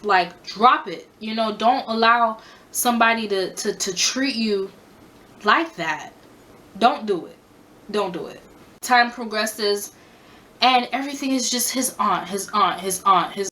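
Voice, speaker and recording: A woman's voice: medium pitch, fairly bright tone. A woman in her twenties tells a storytime in a casual monologue. She is blunt and swears a lot, and she repeats her advice for emphasis. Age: 20s. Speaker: storytime vlogger.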